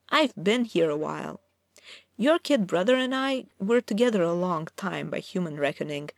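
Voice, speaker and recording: A woman's voice: vocal fry, no echo, studio quality. A woman voicing a sly, menacing male trickster god who mocks and threatens in a storybook reading. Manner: mocking, amiable then low and dangerous.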